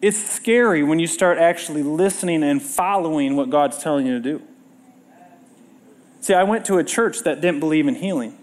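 A man's voice: fairly high pitch, moderate pace, darkish tone. A middle-aged man preaching a sermon to a congregation, telling stories with animation and asking them rhetorical questions.

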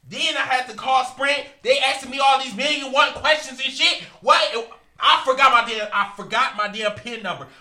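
A man ranting in casual chat, animated and profane, mocking others as he tells a story. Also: extremely high pitch.

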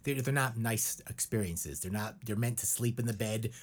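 A man's voice: fairly low pitch, normal speed. A man co-hosting a podcast, rambling and joking in casual chat, often restarting his sentences. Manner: rambling and jokey, with many restarts. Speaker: podcast co-host.

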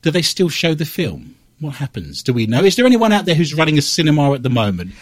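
A man's voice: on the high side, big pitch swings, quick pace, dry recording. A man hosting a paranormal quiz show on the radio. He reads a theatrical scripted opening with dramatic flourishes, then tells a ghost-hunting story in a looser, chatty way. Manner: dramatic, playful delivery with big swoops and drops. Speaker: paranormal investigator.

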